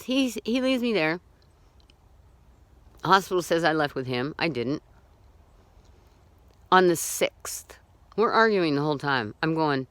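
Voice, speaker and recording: A woman with a lowish voice tells her own story in blunt, profane words, agitated and indignant, restarting sentences as she goes. Her pitch swings a lot, and the recording is dry and close. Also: expressive, measured pace, pauses often, no echo. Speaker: storyteller recounting own experience. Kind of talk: unscripted personal account.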